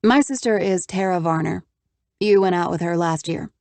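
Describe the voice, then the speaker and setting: A woman narrator plays a persistent young woman whose speech is crisp and businesslike, a little higher than the narration. The reading is close and completely dry. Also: normal speed, a little mellow, no room sound. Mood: determined. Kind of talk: audiobook character voice.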